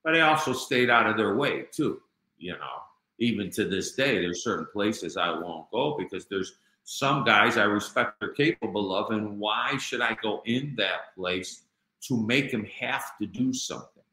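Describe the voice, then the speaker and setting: Low-voiced blunt man telling his story. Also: animated, moderate pace, bright, forceful tone, reverberant, poor audio. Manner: blunt street-talking, many "you know" fillers. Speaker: guest. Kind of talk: personal storytelling in an interview.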